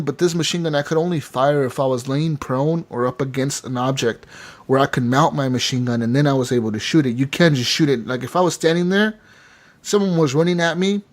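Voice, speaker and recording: Guy on a gaming podcast, hyped up, cursing a lot, says dude every other line. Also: on the high side. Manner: animated, swears freely, says "dude" and "man". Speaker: podcast co-host. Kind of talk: casual gaming podcast chat.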